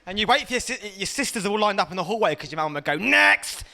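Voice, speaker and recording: English male stand-up, high bright voice, rambling and self-mocking, laughs a lot. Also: lively intonation, very fast, slight background noise. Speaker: stand-up comedian. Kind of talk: stand-up comedy set. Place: small hot enclosed room.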